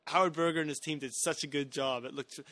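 A man's voice: on the high side, steady tone, quick pace, fairly bright tone, dry recording. A man co-hosting a podcast, talking casually about a film, hesitant with many fillers and restarts. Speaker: podcast co-host.

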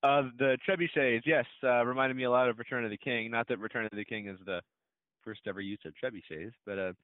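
A man talks loosely, filling his sentences with "uh" and "like" as he chats with a friend. His voice comes through a narrow, phone-like line in a dry, close room. His pitch sits in the middle for a man. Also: fairly even intonation, fast, clear, resonant tone, no echo. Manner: rambling, with many fillers and laughs. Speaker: podcast co-host. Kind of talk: casual chat about a film trailer. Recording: dry, tinny phone-like sound.

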